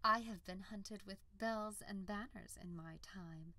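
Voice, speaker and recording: A woman reading an audiobook, voicing a proud ancient female unicorn who is haughty, wondering and quick to shrill outrage. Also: pushed and bright, no echo. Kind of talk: audiobook character voice.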